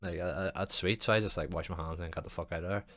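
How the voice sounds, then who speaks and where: A young man with a low voice talks casually on his podcast, rambling through a story with plenty of swearing and fillers. The sound is dry and close, with no room behind him. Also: steady tone, fast, fairly bright tone, dry recording. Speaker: podcast host. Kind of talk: casual chat.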